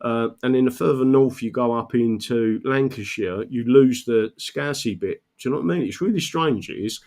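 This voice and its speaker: A man's voice: medium pitch, normal speed, darkish tone. Give me an older man telling meandering stories in casual chat, peppered with swearing. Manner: rambling, swears, tags lines with "right?".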